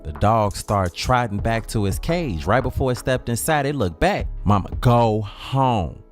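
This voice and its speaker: A young man with a Chicago accent narrating a dramatic comedic story in casual slang, with drawn-out pauses. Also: medium pitch, sing-song, faint music behind.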